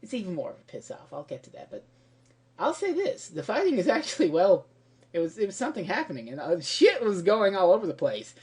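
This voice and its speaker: A woman tearing into a movie in a ranting comedic review, her pitch leaping up and down as she talks. She swears freely and sounds exasperated. She jumps from loud outbursts to muttered asides. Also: big pitch swings, fairly quick. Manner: profane and exasperated, breaking into laughter.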